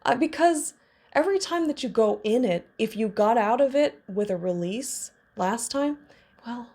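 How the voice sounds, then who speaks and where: Gravelly-voiced woman teaching trauma healing. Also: fairly high pitch, lively intonation, moderate pace. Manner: warm candid talk with laughs and self-disclosure. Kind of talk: casual teaching monologue.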